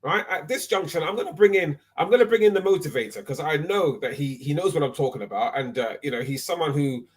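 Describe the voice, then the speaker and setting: A man's voice: fairly high pitch, lively intonation, fast talker, few pauses, slightly rough. A man hosting a live online talk, emphatic and often tagging his points with "right?". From Nigeria. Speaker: host.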